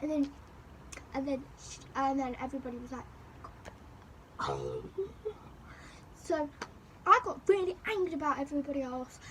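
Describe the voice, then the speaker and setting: A young woman tells a school story straight to camera, with a bright, high voice. She rambles and repeats herself as she goes. A steady wash of background noise sits under the recording. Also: fairly quick, poor audio. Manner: rambling, animated retelling with repeated phrases. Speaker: vlogger. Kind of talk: storytime chat.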